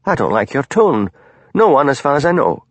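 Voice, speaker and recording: A man's voice: medium pitch, very animated, normal speed, dry recording, pitched above the performer's own voice. A man putting on a prickly, haughty actress. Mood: affronted. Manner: affronted, defensive. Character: haughty middle-aged actress, defensive and prickly.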